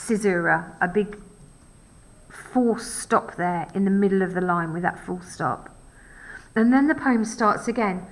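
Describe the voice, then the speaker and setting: Woman, middle-aged, literature teacher, reads poems slowly, explains in a chatty teacherly way, mid-pitched voice. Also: low-quality recording. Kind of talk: poetry reading and analysis lesson.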